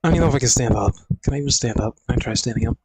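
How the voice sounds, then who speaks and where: A man's voice: mid-range voice, rapid-fire, a little mellow, slightly rough, dry recording, rough recording. A young man streaming from home, in pain and short of breath, groaning and swearing as he talks to himself into a desk mic. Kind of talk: casual talk to viewers. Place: at home, indoors. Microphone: desk microphone.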